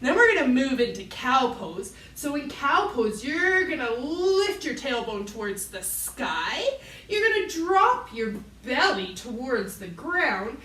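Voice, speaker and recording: A woman's voice: high voice, sing-song, slow pace, pushed and bright, far from the mic. A woman leading a children's yoga class, playful and encouraging, making animal sounds for the kids. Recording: roomy echo, voice from off mic.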